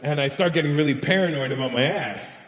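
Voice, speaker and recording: This slightly high-voiced man speaks quickly with a fairly bright tone as he tells a crude stand-up story, voicing both sides of the conversation. The audience laughs in a large live venue, captured in an echoing hall with faint ambience.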